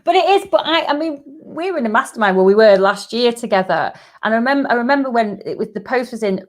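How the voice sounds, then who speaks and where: A middle-aged woman speaks as a guest coach in a relaxed chat. Her voice sits at a middle pitch, and she laughs easily and agrees often. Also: fast talker, few pauses. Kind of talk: casual chat.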